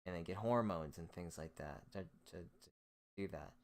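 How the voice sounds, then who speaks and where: A man's voice: deep voice, normal speed, darkish tone. A man hosting a solo show, delivering a hostile, profane, scornful rant. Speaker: host.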